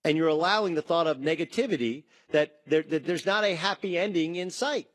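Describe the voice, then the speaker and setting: Animated male sports talk host. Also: fairly high pitch, a little fast, no room sound. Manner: animated, acts out quotes in shifting voices.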